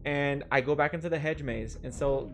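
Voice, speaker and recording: A man's voice: on the high side, moderate pace. Casting note: young male game streamer, easygoing, rambling storyteller who keeps saying "like", with game music underneath. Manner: rambling, with many "like" fillers and chuckles. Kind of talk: casual storytelling while playing a game.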